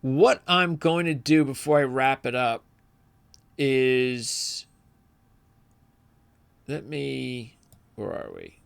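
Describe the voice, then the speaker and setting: A middle-aged man, once in radio, hosts a motorsports show in a loose, off-the-cuff way. He rambles, restarts his sentences and drifts into asides. His voice sits at an ordinary pitch for a man. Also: extremely slow, gravelly, pauses often, clean tone. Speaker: motorsports channel host, former radio man. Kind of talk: casual rambling commentary to camera.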